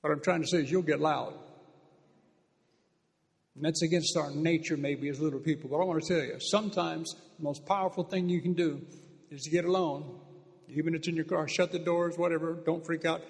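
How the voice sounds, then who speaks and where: A man's voice: on the high side, steady tone, fairly quick, creaky. A man preaching a sermon into a microphone, emphatic and fervent, with repeated declarations. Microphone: handheld microphone. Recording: echoey hall reverb.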